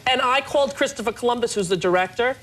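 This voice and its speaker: A woman's voice: on the high side, fast, a bit bright, slight background noise, rough recording. An American woman hosting a talk show, effusive and enthusiastic as she interviews a guest. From United States. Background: studio audience.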